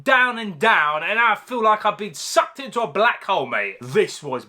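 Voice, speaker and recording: A man ranting about a film, exasperated and mocking, with loud outbursts. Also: sits high, sing-song, normal speed. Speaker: film reviewer.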